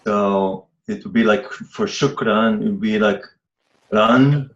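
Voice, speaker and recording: A man joining an online class as a student, making a polite suggestion in a hesitant, halting way. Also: on the low side, flat delivery, roomy sound, highs cut off.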